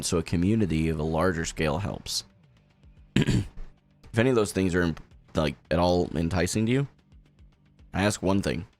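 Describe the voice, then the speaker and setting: Male streamer, young adult, low-pitched, sincere encouraging delivery over faint background music. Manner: earnest, encouraging community pitch. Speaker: gaming streamer. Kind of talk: casual live-stream chat.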